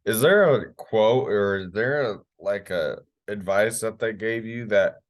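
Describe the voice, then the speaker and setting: A man's voice: fairly low pitch, a little slow. A man hosting a casual interview, asking loose, chatty questions full of fillers. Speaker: podcast host.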